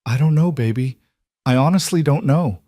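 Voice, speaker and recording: A frightened, wary young mother, played by a man in a frontier storybook. She speaks shakily and pleadingly, in a voice pitched well above his own. The sound is close and dry. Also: moderate pace, mellow, no echo, lightly acted. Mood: tender. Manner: shaky, pleading.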